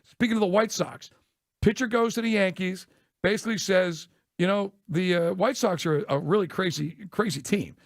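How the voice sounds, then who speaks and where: A man co-hosting a sports talk radio show, telling quick jokey stories and laughing at his own punchlines, on a studio microphone. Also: high-pitched, no room sound. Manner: rapid, joking storyteller who laughs at his own punchlines.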